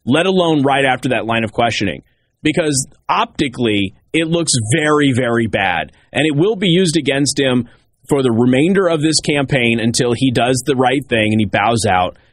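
A talk show host delivering political commentary in an emphatic way, hammering key points by repeating them. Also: male voice, medium pitch, slightly rough, no echo.

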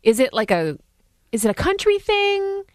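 A woman's voice: very high voice, big pitch swings, normal speed, dry recording. A woman co-hosting a morning radio show, chatty and giggly, saying "like" a lot, at a studio mic. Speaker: radio co-host. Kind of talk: casual morning radio banter.

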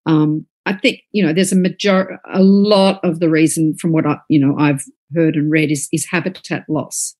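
A woman's voice: sits low, fairly even intonation, moderate pace, hardly any pauses, darkish tone. A middle-aged woman, an author, talking earnestly on a podcast, often repeating words as she gathers her thoughts. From Australia. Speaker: author and guest. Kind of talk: casual podcast conversation.

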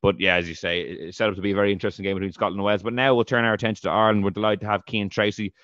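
A man hosting a podcast, presenting in an emphatic, brisk way. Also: on the low side, level tone, a bit bright, no echo, highs cut off. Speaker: podcast host. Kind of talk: casual podcast chat.

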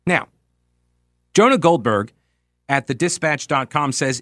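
A man's voice: a little high, animated, unhurried, pauses often, pushed and bright, dry recording, studio quality. A man in his forties hosting a radio talk show, rambling through tangents and poking fun at himself. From Charlotte, North Carolina. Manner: rambling, self-mocking, goes off on tangents. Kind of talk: casual monologue with readings.

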